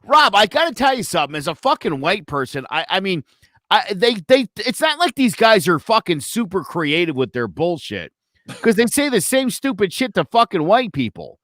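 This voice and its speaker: A high, bright-voiced man co-hosts a casual podcast. His pitch jumps all over as he acts out every quote, swearing as he goes. The sound is close and dry. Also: normal speed, no room sound. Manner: animated storyteller, acts out quotes, heavy swearing. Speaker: podcast co-host.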